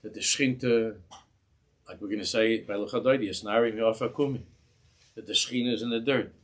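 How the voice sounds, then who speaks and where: A man who is a rabbi giving a Torah class in a synagogue, speaking passion, often repeating and restarting words and slowing down on quoted phrases. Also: lowish voice, fairly even intonation, a bit bright.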